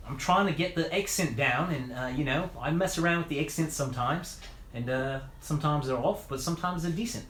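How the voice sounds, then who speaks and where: Worn out from hours of work, this mountain bike creator talks to livestream viewers and mumbles to himself while fixing a bike. He has a brisk, mid-range voice with a fairly bright tone, heard in an echoey room with a little background noise.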